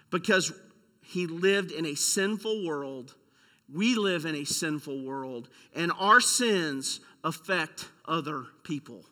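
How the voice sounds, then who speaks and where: Male pastor, emphatic sermon delivery, high bright voice, big hall reverb. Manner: emphatic, rhetorical questions, storytelling.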